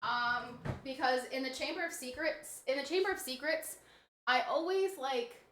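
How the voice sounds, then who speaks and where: A young woman streamer tells a story in casual chat, using lots of fillers as she cleans a snake enclosure. Her high voice moves at a moderate pace, captured in an echoey room with a noisy background.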